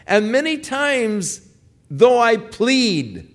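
An older man delivers a sermon at an unhurried pace. His pitch rises and falls widely as he tells stories and acts out the pleading voices in them. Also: very animated, a bit bright. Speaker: preacher.

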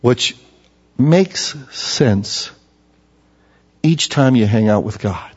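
A male pastor preaching a sermon, animated and acting out voices, then easing into soft calm tones. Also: mid-range voice, extremely slow, slightly rough. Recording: echoey hall, dull lo-fi sound.

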